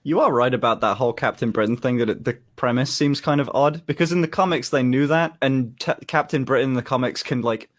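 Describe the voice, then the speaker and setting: A man's voice: mid-range voice, a little fast, few pauses. A man with a middle-range voice who explains things hesitantly on a casual podcast. He trails off and circles back as he goes. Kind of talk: casual chat.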